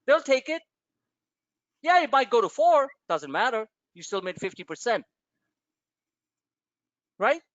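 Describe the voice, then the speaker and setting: A man's voice: very high-pitched, a little slow, long pauses, no echo, muffled recording. A man hosting a live stock-trading webinar, talking casually with profane asides and rambling stories. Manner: animated, profane, tangents into personal stories.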